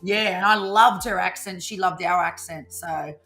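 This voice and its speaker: A woman's voice: on the low side, moderate pace, a bit bright, soft background music. An Australian woman co-hosting a live tarot stream, chatting casually and teasing viewers with Aussie slang.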